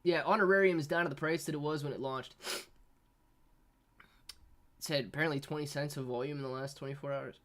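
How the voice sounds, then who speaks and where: A man's voice: on the high side, brisk, pauses often. A man hosting a casual livestream, rambling to his viewers while coughing and sniffling from allergies. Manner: rambling, animated, talks to viewers. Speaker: livestream host.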